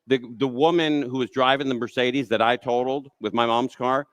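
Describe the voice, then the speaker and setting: A man's voice: medium pitch, fairly even intonation, brisk, fairly bright tone, clear, resonant tone, no room sound. A man hosting a talk show, chatting casually and telling his own stories with enthusiastic reactions. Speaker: host.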